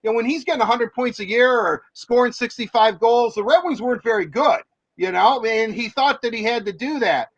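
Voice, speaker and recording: A man's voice: very high voice, lively intonation, fairly quick, a bit bright, dry recording, dull audio. A man, a hockey reporter, telling long rambling stories in casual chat, with many fillers and restarts.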